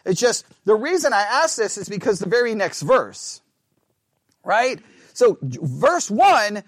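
A man with a very high-pitched voice leads a Bible study in an easy, conversational tone. He thinks out loud, stumbles over and repeats his words, and keeps asking the group questions. The sound is dry and close, with no room echo.

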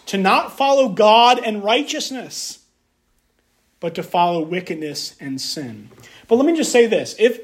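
This is a man with a high voice delivering a sermon. He reads scripture, then presses his points by repeating key phrases and firing off rhetorical questions. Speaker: preacher.

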